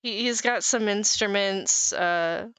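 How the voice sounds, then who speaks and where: A woman runs a tabletop game, describing scenes in a casual, halting way with plenty of fillers. Her voice is smooth and clear. The sound is dry and close. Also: mid-range voice, a bit bright, no echo. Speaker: game master.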